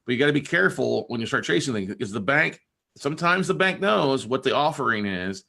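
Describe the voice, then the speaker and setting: A man with a gravelly, bright voice tells a story in an easy, conversational monologue. He talks like a podcast host, breaks off into quoted back-and-forth and restarts his sentences as he thinks. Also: mid-range voice, lively intonation, fairly quick. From Texas. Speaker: podcast host and note investor.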